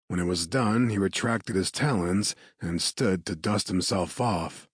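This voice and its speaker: A man narrating an audiobook with a very low, husky voice. He reads at a measured, steady pace, close to the mic in a dry, dead studio sound. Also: dry recording.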